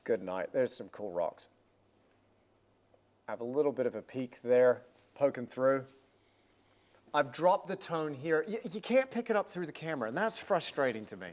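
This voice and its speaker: Man, middle-aged, painting instructor, excited, rambling, livestream talk. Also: medium pitch, moderate pace, pauses often. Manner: energetic, enthusiastic, rambling with restarts. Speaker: art teacher hosting a livestream. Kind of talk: casual livestream chat while painting.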